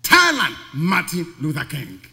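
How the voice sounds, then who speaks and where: A male pastor preaches in a church, his voice piercingly bright and pitched high. He swings widely up and down as he fires off rhetorical questions. A long reverb from the hall trails behind each phrase. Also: huge pitch swings, measured pace, gravelly. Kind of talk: sermon.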